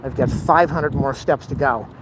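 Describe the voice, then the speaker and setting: A man's voice: mid-range voice, normal speed. A man, out of breath and sweating, joking to the camera on an outdoor walking vlog. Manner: breathless, self-mocking, playful asides. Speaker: vlogger. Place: outdoors on a city street. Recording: outdoor street noise.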